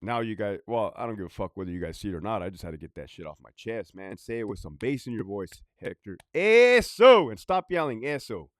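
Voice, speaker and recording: A man's voice: on the low side, animated, fast, few pauses, dry recording, studio quality. A man who is a former prison guard, ranting profanely in a casual vlog, rambling and often laughing.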